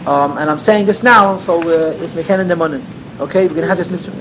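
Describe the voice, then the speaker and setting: A man with a high-pitched voice leads a Torah class in a lively lecturing style. He asks rhetorical questions and leans hard on key words. A faint vehicle rumble sits under the recording. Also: fast. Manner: animated, rhetorical questions, sweeping pitch for emphasis. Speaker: rabbi teaching a class.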